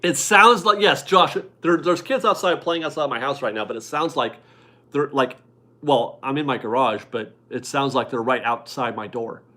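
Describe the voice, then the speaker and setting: A man's voice: medium pitch, normal speed, sharp tone. A man in his forties hosting a casual live stream from his garage, chatty and upbeat as he reads viewer donations aloud and laughs often. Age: 40s. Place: home garage.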